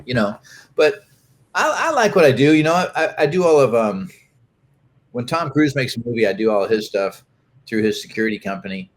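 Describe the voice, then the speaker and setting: A man's voice: medium pitch, big pitch swings, brisk. An older man, a guest in an interview, talking casually with many restarts and fillers.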